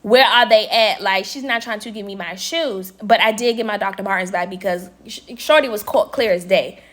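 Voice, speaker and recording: A young woman vlogger telling a story in casual chat, talking straight to her viewers and quoting people in lively voices. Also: medium pitch, fairly quick. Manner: chatty, addresses viewers as y'all, quotes people with lively voices. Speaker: vlogger and nail tech.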